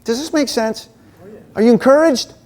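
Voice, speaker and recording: A man giving a casual storytelling sermon to a men's group, chatty and lively, dropping to a hushed voice at times. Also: very high-pitched, normal speed. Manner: animated, chatty storyteller who drops to a hushed voice. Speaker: men's ministry speaker. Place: meeting room with a live audience.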